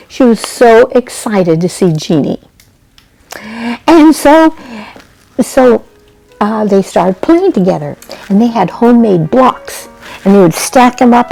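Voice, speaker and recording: A woman telling a children's story in a gentle, homespun, repetitive way. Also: medium pitch, animated, a little slow, gravelly, faint music behind, rough recording.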